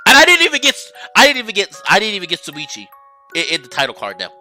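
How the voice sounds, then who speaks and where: A woman hosting a let's play, reacting to the game with excitable, exasperated outbursts. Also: mid-range voice. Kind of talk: game commentary.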